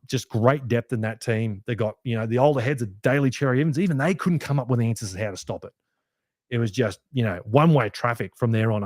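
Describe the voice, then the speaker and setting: Aussie bloke doing a footy review podcast, fired up and sweary, rambles a lot, dry close sound. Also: male voice, medium pitch, no room sound. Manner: animated, sweary, rambling fan talk. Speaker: podcast host. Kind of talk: solo sports review podcast.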